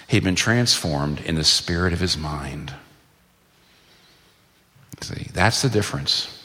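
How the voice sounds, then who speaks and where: A man's voice: on the low side, fairly bright tone, in a large hall. A male pastor preaching a sermon in a conversational, storytelling way, stressing points through repetition.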